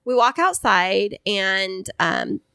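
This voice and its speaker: A woman's voice: mid-range voice, big pitch swings, takes it slowly, gravelly, bright, forceful tone, clear, resonant tone, no room sound, clean studio sound. A woman co-hosting a podcast, telling a story in a casual chat and acting out the voices of the people in it. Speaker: podcast co-host.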